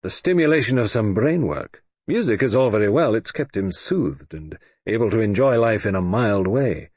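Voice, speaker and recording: A man's voice: medium pitch, a little mellow, slightly rough, no echo. A man voicing a kindly, talkative male doctor in an audiobook reading. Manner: genial, talkative. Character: kindly chatty country doctor. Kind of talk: audiobook character voice.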